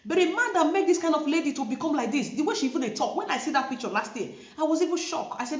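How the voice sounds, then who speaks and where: A woman's voice: high voice, animated, quick pace, few pauses. A woman with a Nigerian Pidgin-inflected English accent, talking to camera as a vlogger in an emphatic, preachy way and repeating her points. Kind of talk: casual commentary to camera. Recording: roomy, dull lo-fi sound.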